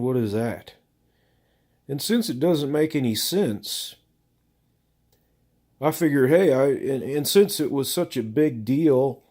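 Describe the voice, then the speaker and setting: Slow, rambling, self-mocking man. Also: mid-range voice, mellow. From Southern United States. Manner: profane, self-mocking, digressive, lots of filler. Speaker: comedian telling a story to camera. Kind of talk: rambling casual monologue.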